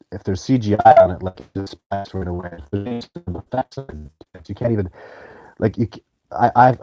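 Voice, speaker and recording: A man hosts a live stream in a loose, rambling way, greeting viewers and reacting to their comments. His voice sits low and sounds mellow and warm. The sound is dry, with no room echo. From Canada.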